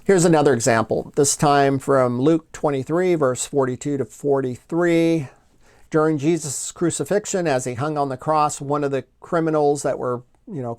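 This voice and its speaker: A man's voice: a little high, a little mellow. A man hosting a Bible study video, explaining passages in a methodical way, reading quotes aloud and repeating his key points. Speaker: Bible teacher and channel host. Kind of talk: scripted Bible study lecture.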